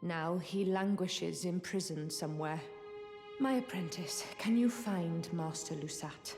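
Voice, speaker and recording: A woman's voice: on the low side, measured pace. A woman voicing a scheming sorceress mentor in a video game, speaking in formal, archaic phrasing. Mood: commanding. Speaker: game character. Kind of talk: voiced video game dialogue. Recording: game audio with long reverb and music.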